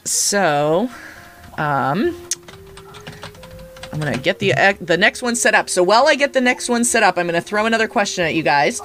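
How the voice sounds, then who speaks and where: A man's voice: high voice, lively intonation, normal speed, long pauses, pushed and bright, a little hiss or hum. A man hosting a livestream who runs the giveaways and chats casually, reads comments aloud, and pads his talk with fillers. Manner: easygoing, filler-heavy, reads chat aloud. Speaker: livestream host running giveaways. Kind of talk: casual stream chat.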